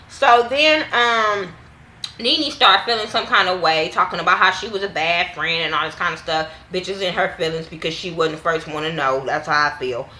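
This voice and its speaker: Young woman vlogger, AAVE speech, blunt and profane, bright forceful tone, casual recap. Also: echoey room. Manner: blunt, cussing, acts out quotes with raised pitch. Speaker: YouTube TV reviewer.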